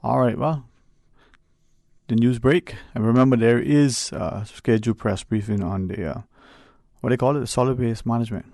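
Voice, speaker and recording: Radio host guy, gravelly voice, short and affirming, dry close mic. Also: mid-range voice, normal speed, mellow, dry recording. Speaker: radio talk show host. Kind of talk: radio hosting.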